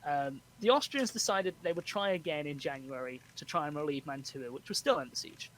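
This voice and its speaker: A man hosting a podcast, explaining history in a relaxed chat with frequent laughs. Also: a little high, a little fast, rough recording. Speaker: podcast host. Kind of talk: casual storytelling chat.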